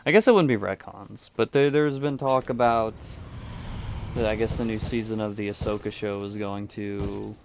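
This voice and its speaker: A man's voice: lowish voice, steady tone, moderate pace, gravelly, a little hiss or hum. A man chatting casually while he plays a game, rambling and hesitant, often restarting his sentences. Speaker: gaming video creator. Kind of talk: casual chat while playing.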